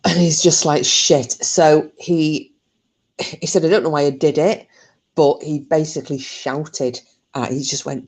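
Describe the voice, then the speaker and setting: A woman's voice: low voice, measured pace, darkish tone, husky. A woman hosting her channel, casually retelling a true story, chatty, swearing freely and laughing often.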